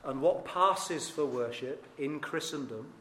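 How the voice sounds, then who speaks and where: A man's voice: measured pace, fairly bright tone, a little hiss or hum. Emphatic preacher man in an echoey hall. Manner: emphatic, earnest, with dramatic rises in pitch and volume. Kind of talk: sermon.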